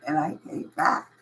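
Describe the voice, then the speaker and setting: A man's voice: mid-range voice, noisy background. A man giving a casual motivational monologue to his viewers as a spiritual channel host. He is earnest and emotional, repeats himself for emphasis and often chuckles. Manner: emphatic and repetitive, with frequent chuckles and "you know what I mean".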